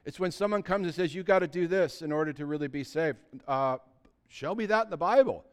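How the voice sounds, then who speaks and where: A man preaching a sermon as pastor, talking conversationally and building to loud, emphatic peaks, often acting out what people say. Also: fairly high pitch, a little fast, clean tone. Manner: acts out quoted voices of believers.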